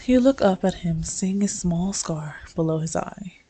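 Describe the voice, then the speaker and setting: A woman reading her own second-person fanfic aloud in a soft, unhurried storytelling manner. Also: fairly low pitch, animated, slightly rough, poor audio. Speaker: fanfic reader.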